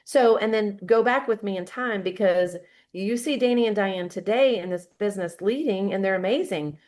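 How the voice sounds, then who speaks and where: A woman's voice: mid-range voice, moderate pace, darkish tone. A woman in her fifties, a guest speaker giving a fired-up motivational talk full of storytelling.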